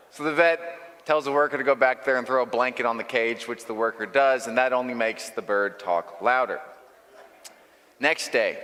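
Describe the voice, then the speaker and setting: A man's voice: medium pitch, a bit bright, big-room sound. A man preaching a sermon as pastor, telling a story in short, emphatic phrases.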